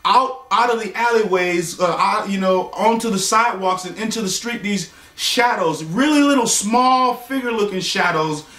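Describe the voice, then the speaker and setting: A man's voice: high-pitched, moderate pace, hardly any pauses, fairly bright tone, recorded from a distance. A man telling a casual bedtime story, rambling loosely with fillers and acting out the characters' lines. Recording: roomy echo, voice from away from the mic.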